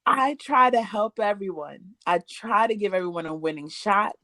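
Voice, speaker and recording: A woman's voice: medium pitch, moderate pace, dry recording. A woman co-hosting a podcast, recapping a reality show in casual chat and acting out what the cast members say. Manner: animated, acts out cast members' lines. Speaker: podcast co-host.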